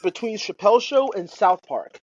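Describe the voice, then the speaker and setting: Brief: man, fairly high lively voice, wry asides, dull lo-fi mic. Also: moderate pace. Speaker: podcast co-host. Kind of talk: casual chat.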